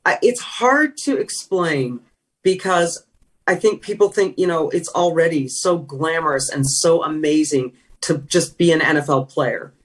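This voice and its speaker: Her voice is deep, a little slow and slightly rough. A former sideline reporter from California, now middle-aged, she reflects emotionally in an interview, telling earnest stories with frequent trailing restarts.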